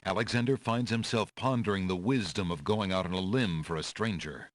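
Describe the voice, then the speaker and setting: An actor voicing the calm male narrator of an adventure game, measured, with a dry wit. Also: sits low, no echo, close to an everyday voice. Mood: wry.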